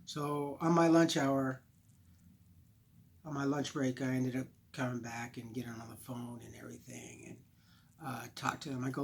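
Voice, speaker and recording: A man's voice: mid-range voice, fairly even intonation, moderate pace. A man telling a personal story to his phone camera, acting out his own exasperated lines as he goes. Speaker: vlogger.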